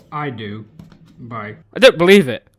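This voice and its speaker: A man hosting a reaction video, excitable, swinging between shouts and mutters as he reacts to a series. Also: mid-range voice, slow pace, vocal fry, a little hiss or hum.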